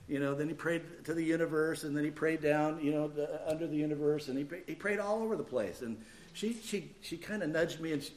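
A male pastor preaching a sermon, animated and conversational, dropping to quiet asides and rising to loud emphatic bursts. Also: fairly high pitch.

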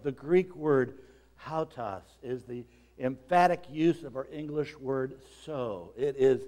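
In this sermon, a man reads passages of scripture and explains them, going low and hushed and then rising to dramatic shouts.

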